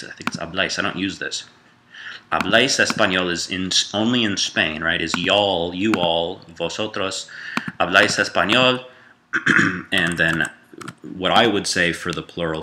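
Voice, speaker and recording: Deep-voiced man teaching casually. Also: noisy background. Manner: conversational and loose, with frequent fillers and self-corrections. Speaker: Spanish teacher. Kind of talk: casual grammar lesson.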